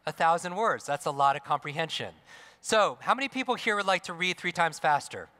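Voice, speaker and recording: A middle-aged man on stage at a large expo, talking fast and lively to a crowd. His voice sits a bit high and rings bright and forceful. The sound carries a long hall reverb. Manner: energetic, asks the crowd questions, tag "right?". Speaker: motivational speaker. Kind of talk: live stage talk to an audience.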